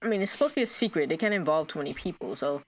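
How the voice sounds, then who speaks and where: An American woman co-hosting a casual movie podcast, animated and acting out quoted lines. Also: rapid-fire. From United States. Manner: animated, acts out quotes with big pitch jumps. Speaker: podcast co-host.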